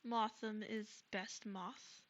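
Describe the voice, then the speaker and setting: A woman streaming live while gaming, chatting casually and gushing excitedly over her viewers. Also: medium pitch, slow pace, highs cut off. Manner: bubbly and gushing, thanks chat excitedly.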